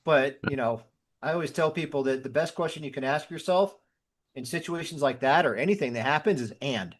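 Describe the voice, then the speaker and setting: On a laid-back podcast, a man who used to fight fires shares everyday stories, quoting his own inner voice as he goes. He speaks fairly fast with a fairly high pitch.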